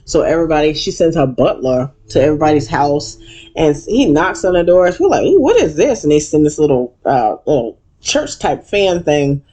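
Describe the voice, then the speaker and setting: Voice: lively intonation, moderate pace, mellow. A casual recapper retelling a reality show episode in blunt, profane chat, full of fillers and acted-out quotes. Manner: acts out quotes with sudden high-pitched voices.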